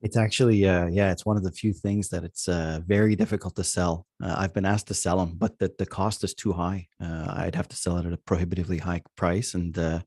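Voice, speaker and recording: A man hosting a podcast interview, speaking haltingly with many fillers. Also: sits low, flat delivery, a little mellow, dry recording, clean studio sound. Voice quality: gravelly. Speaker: podcast host. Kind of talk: casual interview chat.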